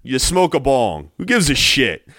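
A man's voice: medium pitch, big pitch swings, unhurried, a bit bright, no echo, studio quality. A man co-hosting a casual podcast, blunt and swearing freely as he vents. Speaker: podcast co-host. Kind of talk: casual chat.

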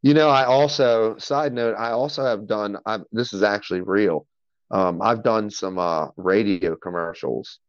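A man's voice: lowish voice, a little slow, no echo, muffled recording. A man telling a rambling story in casual podcast chat, cussing freely. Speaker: podcast guest.

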